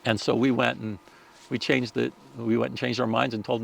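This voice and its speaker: A man with a deeply gravelly, fry-laden voice recounts a personal story as a podcast guest. He speaks earnestly and with feeling, stumbling and restarting his sentences as he goes. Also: level tone, normal speed, slight background noise. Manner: earnest, emotional, with frequent restarts.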